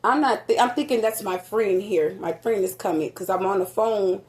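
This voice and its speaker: A woman talks straight to her viewers, recounting events at home in a loose, rambling way. She is animated and fills her pauses with little fillers. Her voice carries a slight echo from a nearly empty apartment. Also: medium pitch. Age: adult with a grown son. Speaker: vlogger. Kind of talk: casual storytelling to viewers.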